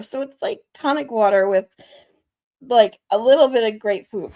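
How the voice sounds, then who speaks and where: Woman host, casual commentary, giggly and foul-mouthed, high animated pitch with a gravelly rasp. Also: moderate pace, no echo. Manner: giggly, swears freely. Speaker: channel host reacting to trial footage.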